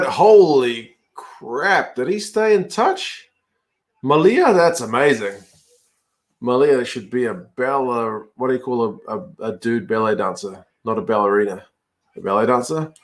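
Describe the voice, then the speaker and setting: A man's voice: mid-range voice, normal speed, fairly bright tone. A man hosting a live rugby watch-along, chatting casually, reacting to the play and answering viewer comments. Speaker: host.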